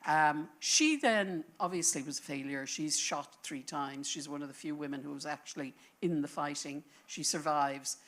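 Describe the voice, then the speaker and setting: A woman speaking on a panel, telling a history as a story in an animated, thinking-aloud way. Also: low voice. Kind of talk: conversational panel talk. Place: lecture panel before an audience.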